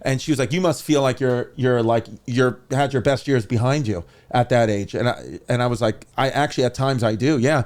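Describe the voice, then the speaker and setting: A man's voice: medium pitch, brisk, few pauses. A man around forty, a comedian guest on a podcast, telling a long story casually and acting out the voices of the people in it. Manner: animated, acts out quoted voices. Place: podcast studio.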